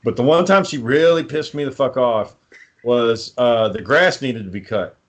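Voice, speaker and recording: A man's voice: medium pitch, moderate pace. A man co-hosting a casual chat, swearing freely as he tells heated stories about home life. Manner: profane, heated storytelling.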